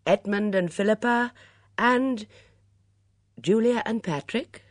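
A woman's voice: mid-range voice, slow pace, no echo, studio quality. A woman voicing an easygoing, cheeky young man with a light manner. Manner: light, tentative.

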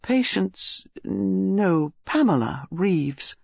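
A woman voicing a gentle, shrewd elderly spinster who talks softly and mildly in a musing way. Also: medium pitch, animated, very slow, vocal fry, slightly rough, dry recording, voice pushed up, full character voice. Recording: slightly dull lo-fi audio.

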